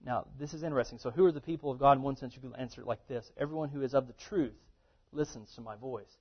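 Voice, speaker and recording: A man's voice: mid-range voice, fast, slightly rough. Man teaching scripture, lo-fi. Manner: conversational, asks questions then answers them. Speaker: Bible teacher. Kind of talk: casual lecture on scripture.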